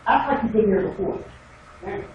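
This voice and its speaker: In a casual classroom lecture on debate, a man with a high voice and big pitch swings talks fairly quickly, wry and sarcastic, sometimes mocking students in put-on voices. The audio is dull, noisy, and captured from far off in an echoey room.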